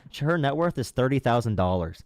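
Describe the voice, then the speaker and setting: A young man from the Appalachian coal region hosting a live political call-in show, talking fast with many fillers and restarts. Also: mid-range voice, very animated. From Appalachian coal region, USA. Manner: rapid, lots of fillers and restarts. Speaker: political talk show host.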